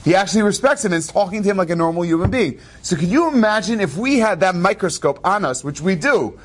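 A man telling an inspirational story in an animated, quick way, with asides and laughs. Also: sits high. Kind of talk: storytelling talk.

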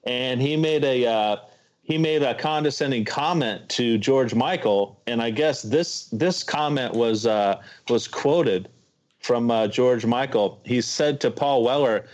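A man's voice: medium pitch, measured pace, dull audio. A man co-hosting a comedy podcast, telling a rambling story in casual chat and pushing to make his point. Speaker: podcast co-host.

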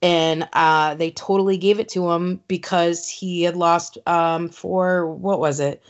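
Animated woman telling stories. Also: on the low side, unhurried. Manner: animated, emphatic storyteller. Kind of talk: casual chat. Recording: slightly dull lo-fi sound.

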